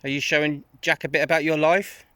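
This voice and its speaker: A man working as a paranormal investigator, calling out to spirits in an abandoned building with slow, calm questions and pauses. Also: on the high side, no room sound.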